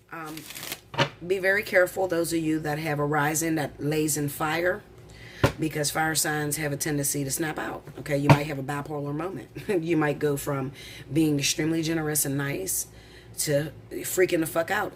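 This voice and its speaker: A woman reading tarot cards in a casual, blunt, excitable way, rushing and tripping over her words. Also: low-pitched, very noisy. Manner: rapid, excitable, blunt with swearing. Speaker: tarot reader.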